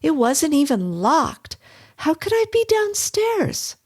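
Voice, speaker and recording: Woman putting on a high, indignant young wife. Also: huge pitch swings, takes it slowly, heavily acted. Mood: bewildered. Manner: high, exclaiming, indignant questions. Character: young wife, bewildered and defensive.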